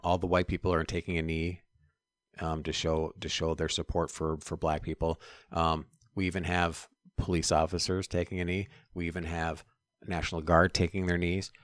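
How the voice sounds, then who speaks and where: A man's voice: low-pitched, level tone, unhurried, dry recording, clean studio sound. A man co-hosting a casual political talk show, blunt and profane, with laughs in between. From Minneapolis area. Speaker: podcast co-host.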